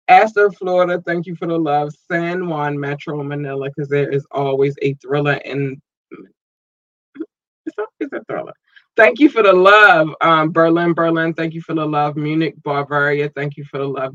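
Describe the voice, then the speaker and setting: A man hosting a podcast, playfully giving casual shout-outs to his listeners and jumping into high squeals. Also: fairly even intonation, normal speed, no room sound, highs cut off. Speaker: podcast host.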